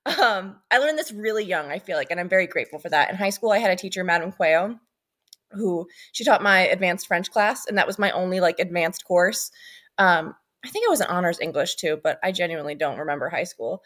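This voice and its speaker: A woman's voice: fairly low pitch, animated, brisk, a bit bright. A woman co-hosting a casual podcast, chatty and rambling, swearing freely and drifting into asides. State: pregnant. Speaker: podcast co-host. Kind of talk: casual chat.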